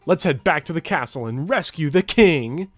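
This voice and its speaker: A man voicing a brave young prince from a video game, calmly reassuring an ally. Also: fairly high pitch, moderate pace, dry recording.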